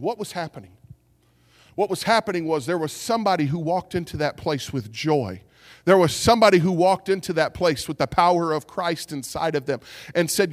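A male pastor preaching a sermon, telling a story with lively acted-out voices. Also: on the high side, fairly quick. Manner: animated storytelling, acts out voices. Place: church sanctuary. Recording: long reverb of a church hall.

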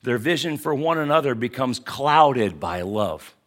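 A man's voice: medium pitch, lively intonation, unhurried, fairly bright tone. A man pastor giving a conversational sermon that teaches through rhetorical questions.

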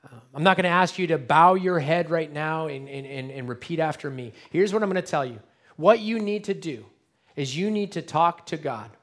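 A man preaching an Easter sermon as pastor, earnest and direct, dropping to a hush and then rising to emphatic appeals. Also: on the high side, normal speed. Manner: earnest, dynamic swings between hushed and emphatic. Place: church sanctuary.

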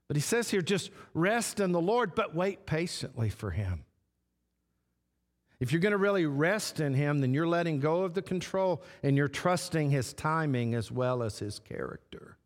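A man preaching a sermon as pastor, slow and repetitive, stressing short phrases again and again. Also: on the high side, sing-song. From Texas. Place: church sanctuary. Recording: long church hall reverb.

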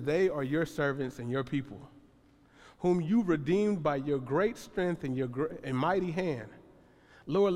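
A man preaching a sermon in a conversational way, repeating phrases and putting questions to the congregation. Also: on the high side. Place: church sanctuary. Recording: long church reverb.

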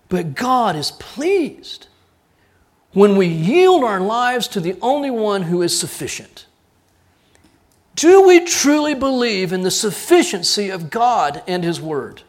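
A middle-aged male pastor preaching a sermon, telling a personal story with animated acted-out dialogue. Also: very high voice.

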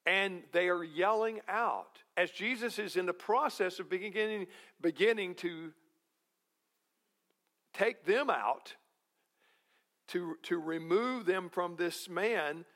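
A man preaching a sermon as pastor, slow and deliberate, posing rhetorical questions to the congregation. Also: high voice, pushed and bright.

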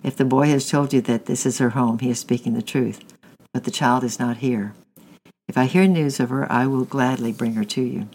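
A man's voice: mid-range voice, normal speed, darkish tone, natural voice, low-quality recording. A man voicing a middle-aged stepfather who is nervous and scheming, speaking in an injured, placating tone.

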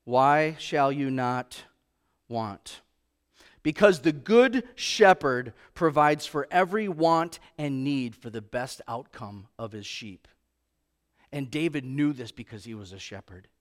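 A man preaching a sermon in a church, talking conversationally with lots of rhetorical questions and slowing down to stress scripture quotes. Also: medium pitch, expressive. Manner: slows for emphasis on scripture quotes. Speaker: pastor.

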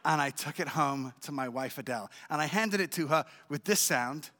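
In a church sanctuary, an Israeli man shares his personal testimony as a guest speaker, telling it with animation and regularly checking in with listeners. His fairly high voice moves at a moderate pace, trailed by long reverb.

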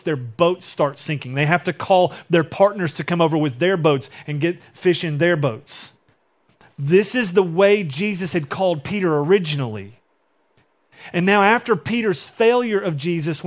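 A man in his forties preaching a sermon, telling the story in an animated way and acting out the people he quotes. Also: sits high. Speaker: pastor.

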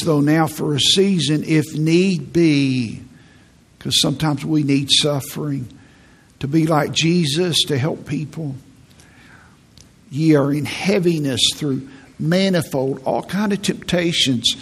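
A man preaching a sermon in a folksy, animated way, often repeating words as he goes. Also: a little high, a little slow, creaky, slightly rough. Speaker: pastor.

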